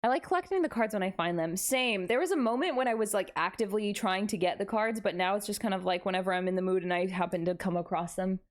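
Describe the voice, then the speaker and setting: A woman's voice: mid-range voice, fast, hardly any pauses. A young woman streaming live, chatting playfully with her viewers, tired and giddy late at night and poking fun at herself. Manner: playful, self-mocking, reads chat aloud and answers it. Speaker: VTuber streamer.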